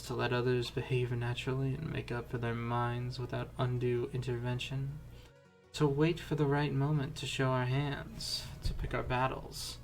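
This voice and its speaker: A man reading a story aloud at a measured pace during a livestream with friends. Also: medium pitch. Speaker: reader of a fan story on a livestream.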